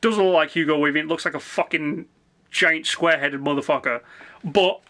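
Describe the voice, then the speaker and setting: A man's voice: on the high side, normal speed, bright, forceful tone. A man streaming a game, ranting in a sarcastic, sweary, rambling way. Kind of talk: casual rant while gaming.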